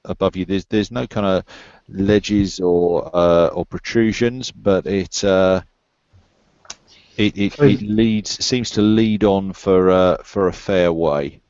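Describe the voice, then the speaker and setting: A man's voice: sits low, fairly even intonation, slow, darkish tone, dry recording. A man running an online tabletop game as game master, often stumbling and repeating his words and laughing. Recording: dull lo-fi online call audio.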